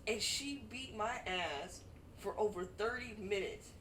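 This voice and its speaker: A woman's voice: mid-range voice, unhurried, fairly bright tone, slight background noise. Woman, casual chat, laughing storyteller, roomy echo, distant mic. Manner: laughs while telling her story. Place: at home with friends over wine.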